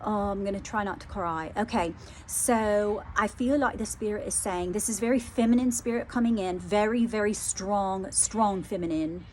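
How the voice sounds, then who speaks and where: A woman's voice: medium pitch, normal speed, hardly any pauses, a little mellow. Woman medium with a mid-range voice giving a hesitant, emotional channelling reading over faint noise. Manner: hesitant, repeats phrases, many fillers. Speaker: psychic medium. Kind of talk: live psychic channelling reading.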